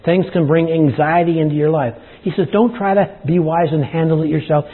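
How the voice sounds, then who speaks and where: A man's voice: a little high, fairly even intonation, fairly quick. A man preaching a sermon to his congregation, folksy and plain-spoken, addressing them as y'all, with a dry throat. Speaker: pastor. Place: church service. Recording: tinny phone-like sound.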